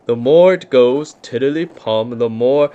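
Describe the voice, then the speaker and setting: A man voicing a gentle, simple-minded bear cub who talks cheerfully and gets a bit muddled, humming his songs. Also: medium pitch, slow, lo-fi sound, lightly acted.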